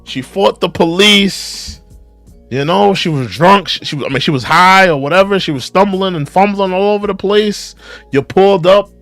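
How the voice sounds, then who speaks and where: A man's voice: high voice, normal speed, fairly bright tone, no echo, faint music behind. A young man hosting a reaction video, casually commenting on a clip, repeating rhetorical questions and reading viewer comments aloud. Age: young adult.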